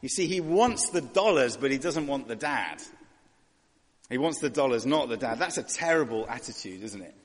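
Husky man preaching in a reverberant hall. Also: medium pitch, lively intonation, moderate pace. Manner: conversational, rhetorical questions, voices characters mockingly. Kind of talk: sermon.

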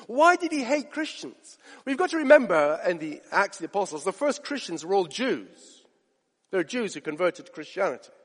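A male preacher with a high, lively voice swings his pitch up and down as he preaches. He talks in an animated way and acts out the voices he quotes. His voice rings with a long reverb in a church hall. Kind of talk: sermon.

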